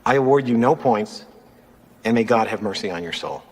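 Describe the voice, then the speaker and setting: A man's voice: lowish voice, lively intonation, normal speed, long reverb tail. An actor playing a stern male official who coldly and formally tears apart someone's answer, heard in a played film clip. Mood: scornful. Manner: cold, cutting, formal. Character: stern male official delivering a scathing verdict.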